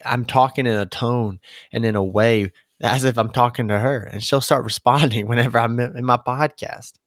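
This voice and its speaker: With a medium-pitched, fairly bright voice, a young man talks through his own solo podcast in a relaxed, wandering style, regularly correcting himself mid-sentence. Clean studio sound, no echo.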